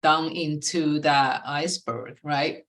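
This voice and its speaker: A woman hosting a casual talk show, speaking in halting phrases and often pausing to affirm her guest. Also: sits low, steady tone, a bit bright. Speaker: podcast host. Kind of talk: casual chat.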